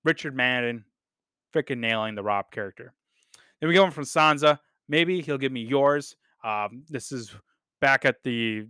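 A man's voice: medium pitch, pushed and bright, clean tone, no echo, studio quality. A man hosting a podcast, talking casually and enthusiastically, swearing freely with lots of ums and repeated words. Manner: enthusiastic, profane, with frequent fillers and repeats. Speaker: podcast host reviewing a TV series. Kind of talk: casual unscripted review talk.

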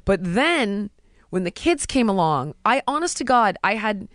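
A woman in casual chat, telling stories in an animated way and acting out what people said. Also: medium pitch, unhurried, no echo, clean studio sound. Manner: animated storytelling, acting out quotes.

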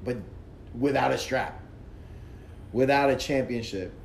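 A man's voice: mid-range voice, a little slow, vocal fry, slight background noise. A man hosting a casual wrestling chat, rambling and laughing often. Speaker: podcast host. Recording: echoey room with faint ambience.

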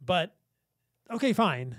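A man with a fairly high voice talks casually as a physician guest on a podcast. He tells lively stories and laughs often, and the sound is close and dry, with no room echo. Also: slow pace. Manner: enthusiastic storyteller with frequent laughs.

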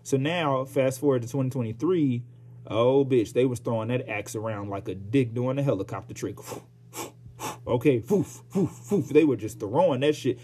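A man's voice: medium pitch, normal speed, warm tone, slightly rough. Heated, profane man ranting on his podcast. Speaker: podcast host. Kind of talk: casual solo podcast rant.

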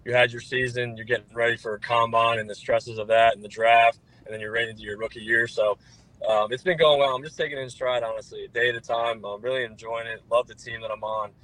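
Fast-talking young man, flat delivery. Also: medium pitch, dry recording, low-quality recording. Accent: New Jersey. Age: 20s. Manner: relaxed, repeats filler words. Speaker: guest quarterback. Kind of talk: interview answers.

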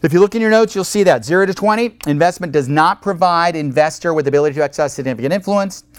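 A male instructor giving a recorded accounting lecture in a lively, joking way, acting out short phone calls to explain his points. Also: fairly high pitch, fast talker, clean tone, no echo. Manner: lively, jokey, acts out little phone calls.

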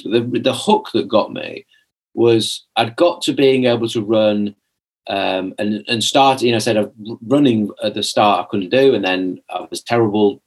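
A man's voice: lowish voice, creaky, breathy edge. A young man, a podcast guest telling a rambling personal story in casual conversation, full of restarts and fillers. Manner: chatty, rambling, many restarts and "like" fillers, acts out his own past lines.

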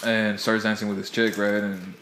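A man's voice: fairly low pitch, flat delivery, normal speed, noisy background. Rambling man in an echoey room. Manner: rambling, laughing, restarts his sentences. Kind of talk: casual storytelling among friends.

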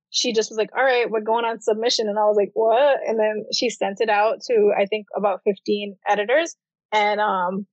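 A woman's voice: medium pitch, dry recording. A young adult woman, an author, telling her story casually in an interview, with lots of "like" fillers. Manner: chatty, heavy use of "like". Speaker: author guest. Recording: dull, dry audio.

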